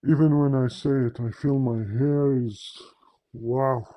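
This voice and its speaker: On a low-quality recording, a man speaks slowly in a warm, mid-range voice with fairly even intonation. His monologue to camera is a confrontational religious commentary, addressed straight to listeners and marked by emphatic repetition, repeated words, and frequent restarts.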